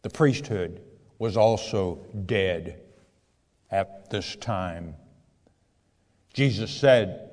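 A man's voice: lowish voice, slow, darkish tone, in a large hall. A man teaching scripture verse by verse, reading each passage and then explaining it in plain words. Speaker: preacher.

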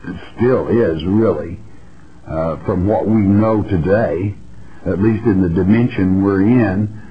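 A man's voice: low-pitched, slow pace. A man giving a broadcast Bible teaching in a blunt, folksy, emphatic way. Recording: dull lo-fi broadcast audio.

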